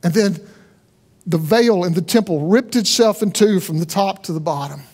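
A man with a notably high voice delivers a sermon from the pulpit. He preaches in an earnest, conversational manner, leaning on rhetorical questions to draw listeners in. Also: moderate pace, darkish tone. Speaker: pastor.

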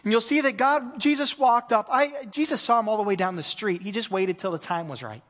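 A man, a pastor preaching a conversational sermon, swinging between loud emphasis and hushed moments. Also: high-pitched, fairly quick, long reverb tail.

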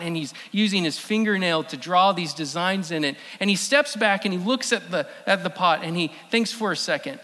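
A man preaching a sermon as pastor, emphatic, repeating key phrases and slowing down for stress. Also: a little high, bright, forceful tone. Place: church sanctuary. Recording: long reverb of a church hall.

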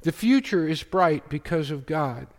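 A man preaching a sermon as pastor, slow and emphatic, often quoting scripture. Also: fairly high pitch, animated, long reverb tail.

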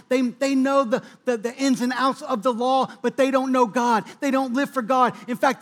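A male pastor delivering a sermon, preaching with bursts of emphasis and occasional restarts. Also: extremely high pitch. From New England, US.

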